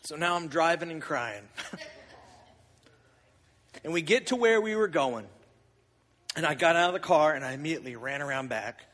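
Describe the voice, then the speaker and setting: Animated man preaching in a reverberant hall. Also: on the high side, normal speed, pauses often. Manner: animated, confessional storytelling with big swings in volume. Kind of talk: sermon storytelling.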